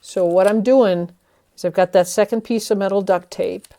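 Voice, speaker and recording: A woman's voice: mid-range voice, steady tone, normal speed, mellow. A woman vlogger talking herself through a hands-on repair project in a chatty, slightly nervous way. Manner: chatty, self-talking while working, nervous. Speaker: vlogger restoring a vintage tree. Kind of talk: casual hands-on how-to narration.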